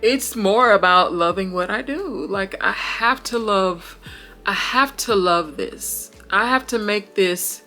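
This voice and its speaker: A woman vlogger talking casually and warmly to her viewers about her faith and plans, calling them "girl" and "y'all.". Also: mid-range voice. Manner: chatty and heartfelt, calls viewers "girl" and "y'all". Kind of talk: casual chat to camera.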